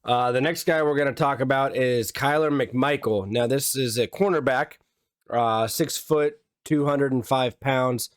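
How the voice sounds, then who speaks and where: A man's voice: mid-range voice, unhurried, clear, resonant tone, no echo, clean studio sound. Laid-back man talking football. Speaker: podcast co-host. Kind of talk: casual sports chat.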